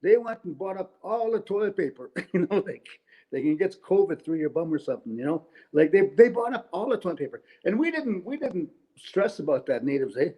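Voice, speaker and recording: Recorded roughly over a webcam indoors at home, this middle-aged Canadian man is performing stand-up for an online event. He has a high-pitched, warm voice with a breathy edge, talking a little fast and very animatedly. His storytelling rambles, peppered with tag questions and laughter at his own jokes.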